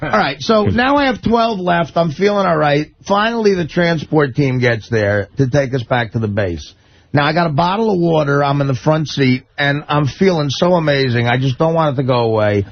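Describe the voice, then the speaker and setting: Husky man rambling a story on radio. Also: on the high side, moderate pace. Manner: rambling, animated, swearing, acts out quotes. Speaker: guest comedian telling a story. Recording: lo-fi radio broadcast.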